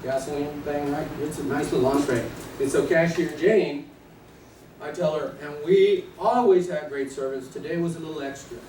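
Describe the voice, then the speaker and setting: A man teaches a live class in a slightly raised voice, acting out scenes and quizzing the room. The recording is roomy and distant, with a noisy background. His talk is playful and energetic. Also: on the high side, moderate pace. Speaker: real estate trainer. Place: training room with an audience.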